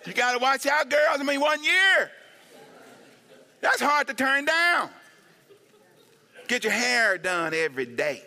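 Preacher guy cracking jokes, whoops and laughs, slow drawn-out talk, big echoey hall. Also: very high-pitched. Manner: animated, laughing, shouts of woo, asks for amens. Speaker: pastor. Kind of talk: humorous sermon.

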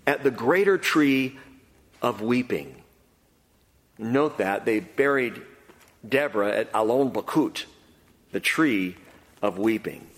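An emphatic male preacher whose voice swings up and down with lively, animated pitch, sitting a touch above the usual range for a man. He hammers home his points by repeating them, and his words trail off in a long reverb, as in a large sanctuary. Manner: emphatic, repeats key phrases. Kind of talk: expository sermon.

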